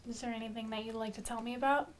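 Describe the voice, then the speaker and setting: High-voiced woman player. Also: steady tone, racing. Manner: polite, formal in character. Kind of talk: playing a tabletop game.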